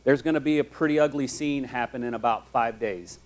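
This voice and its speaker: A man preaching a sermon as a pastor, telling the story in a conversational, animated way. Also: mid-range voice, a little fast.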